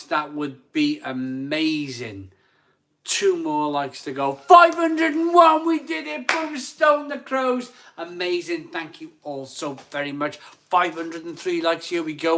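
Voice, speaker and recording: A man hosting a casual live stream from home, chatting excitably and counting likes aloud. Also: on the high side.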